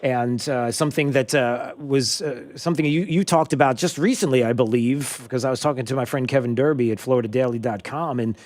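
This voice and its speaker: A man's voice: medium pitch, fairly quick, hardly any pauses, a little mellow. A man hosting a political talk radio show, emphatic and full of "uh" fillers and restarts.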